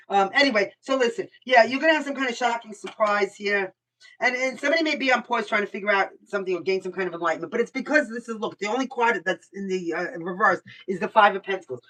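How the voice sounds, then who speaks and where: A woman's voice: mid-range voice, expressive, quick pace, sharp tone. An older woman from Brooklyn, giving a casual live tarot reading, blunt and chatty and swearing freely. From Brooklyn, New York. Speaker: tarot reader. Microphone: computer mic. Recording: voice somewhat far from the mic.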